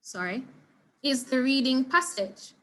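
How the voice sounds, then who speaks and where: Jamaican woman, teacher, high bright voice, patient and explanatory, online class. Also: expressive, measured pace. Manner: patient, instructive, checks in with "all right?". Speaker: Spanish teacher. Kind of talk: online exam revision lesson. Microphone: video call.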